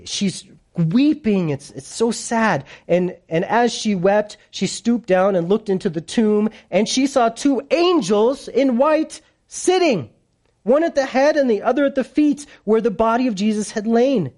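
Animated male preacher. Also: sits high, measured pace. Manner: animated, playful, swings from hushed to loud. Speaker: pastor. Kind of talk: sermon.

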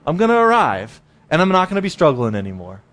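A man's voice: on the high side, huge pitch swings, fast talker, fairly bright tone. A man giving a casual, conversational sermon, often repeating words and acting out inner voices. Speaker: preacher.

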